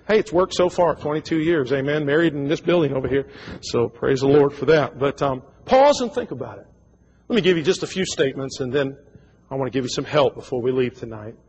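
A man's voice: on the high side, animated, moderate pace, slight background noise. A man in his forties preaching a sermon in a church, folksy and joking, with frequent stammered repeats. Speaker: pastor. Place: church sanctuary.

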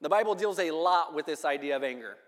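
High-voiced preacher in an echoey hall. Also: male voice, lively intonation, fairly bright tone. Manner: measured preaching, reading scripture aloud. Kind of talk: sermon. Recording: long echo of a hall.

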